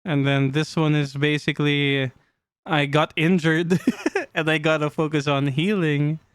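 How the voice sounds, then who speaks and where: A man's voice: a little high, fairly even intonation, a little slow, clean tone, dry recording. Playful, giggly young-sounding male streamer. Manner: playful, giggly, talks to chat. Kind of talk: casual live-stream chat. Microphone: desk mic.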